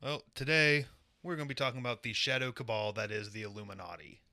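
A young man co-hosting a podcast, explaining a topic in relaxed, offhand casual chat. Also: medium pitch, fast talker. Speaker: podcast co-host presenting a segment.

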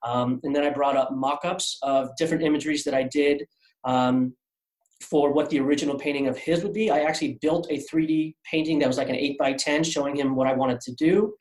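A man's voice: on the high side, steady tone, fairly quick, darkish tone. A man telling a long story as an artist guest on a podcast, rambling with many fillers and restarts. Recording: roomy echo.

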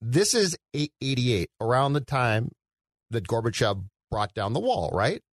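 A man's voice: medium pitch, sing-song, measured pace, no room sound, studio quality. A man co-hosting a casual film podcast, who talks in a rambling way with many restarts. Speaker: podcast co-host.

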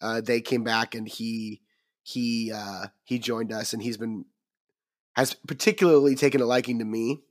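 A man co-hosting a film podcast, his voice a bit raspy and tired from a cold, rambling with lots of ums and restarts. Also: medium pitch, steady tone, normal speed. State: recovering from a cold. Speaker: podcast co-host. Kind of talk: casual chat.

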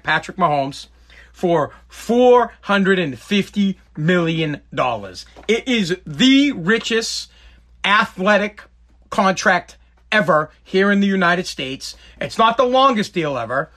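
A man with a high, bright voice riffs on whatever comes to mind. His delivery is blunt and chatty, with quick jokes and asides. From Boston, New England. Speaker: vlogger. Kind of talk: casual rambling monologue.

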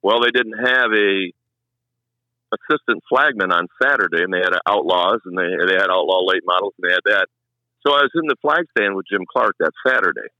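Here's a middle-aged man, a race track announcer for many years, talking a little fast in a low voice. He's an animated storyteller in a casual conversation, acting out what others said, captured in a dry recording with dull audio.

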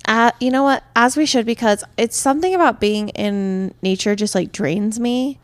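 On a dry headset recording, a late-twenties podcast co-host with a Utah accent speaks in a slightly high voice. Her casual chat is playful and talkative, and she teases readily.

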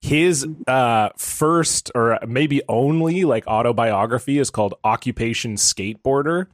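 A man's voice: mid-range voice, measured pace, no room sound, studio quality. A Canadian man from Ontario co-hosting a podcast, chatting casually and rambling with fillers. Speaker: podcast co-host. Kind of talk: casual chat.

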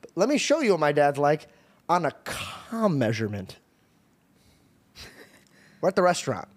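A young man hosting a podcast, telling a story in lively casual chat, often laughing and restarting sentences. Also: on the high side, normal speed. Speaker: podcast host.

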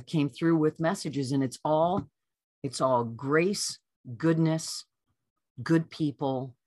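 Lively woman telling a personal story. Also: a bass voice, no room sound, clean studio sound. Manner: lively storyteller who acts out quoted voices. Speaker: author guest.

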